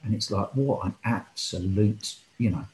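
A rather low-voiced man speaks as a guest on a casual podcast. He talks earnestly and with feeling, thinking aloud. The recording has a roomy echo with faint background noise. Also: measured pace, a little mellow. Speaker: football and futsal coach.

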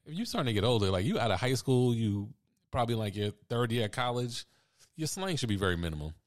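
A man's voice: mid-range voice, big pitch swings, fast talker. A young adult man co-hosting a casual chat, telling stories with a laid-back, laughing, profane manner. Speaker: podcast co-host.

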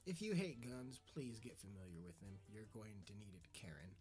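A man's voice: lowish voice, very animated, moderate pace, a little mellow. Man, podcast host, profane comedic rant, sarcastic, faint guitar behind. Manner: crude, sarcastic, swearing freely.

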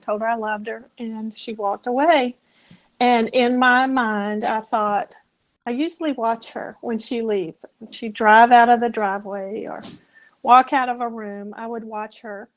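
A woman in her sixties from South Carolina, a podcast guest telling a personal story in a soft, halting, reflective way. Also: fairly high pitch, fairly even intonation. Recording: muffled lo-fi audio.

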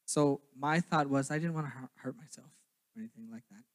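A young man from southern Minnesota preaching a sermon, then telling his own story in a quieter, halting way. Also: medium pitch. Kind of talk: sermon with personal testimony.

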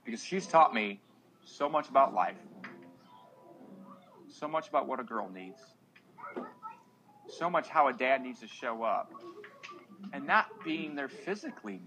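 Earnest single dad opening up. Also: male voice, medium pitch, lively intonation, unhurried, pauses often, sharp tone, low-quality recording. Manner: earnest, emotional, preachy. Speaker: podcast guest, single father. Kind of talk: casual podcast talk.

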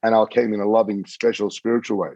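A man, a podcast guest, telling a story in an earnest, animated way. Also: lowish voice, fast, no room sound, muffled recording. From Australia. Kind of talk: storytelling in conversation.

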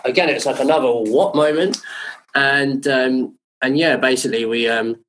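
A man's voice: mid-range voice, moderate pace, a bit bright, a little hiss or hum, low-quality recording. Chatty man telling anecdotes. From England. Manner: rambling, swears freely, lots of fillers and "right?". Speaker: podcast guest. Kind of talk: casual anecdotal storytelling.

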